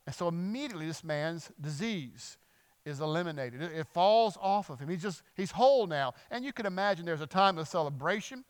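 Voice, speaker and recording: Preacher in an echoey church hall. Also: male voice, fairly high pitch, fairly quick, clean tone. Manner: animated, acts out quoted voices. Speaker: pastor. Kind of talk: sermon.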